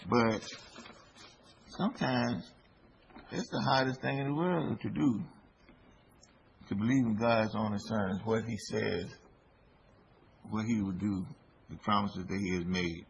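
Male preacher, low gravelly voice, unhurried delivery, dull lo-fi recording with faint noise. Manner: slow, deliberate preaching with emphatic rises. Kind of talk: sermon.

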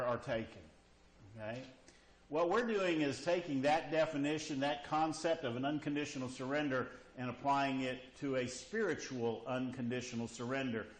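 High-voiced man preaching in an echoey hall. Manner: repeats "okay?" to check in with listeners. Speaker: pastor. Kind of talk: sermon. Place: church hall with a congregation, also live-streamed.

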